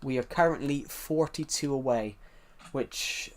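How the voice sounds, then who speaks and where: A young man with a southern English accent, from the south of England, talks unhurriedly in a medium-pitched voice. On his game stream he rambles while reading chat, often repeating and restarting phrases.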